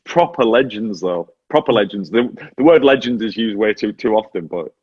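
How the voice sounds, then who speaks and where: This former motorcycle racer from Britain, a man in his forties with a British English accent, is a guest on a casual remote interview, spinning lively, self-deprecating tales. He speaks at a moderate pace in a lowish, husky voice. The recording is dry, with the highs cut off.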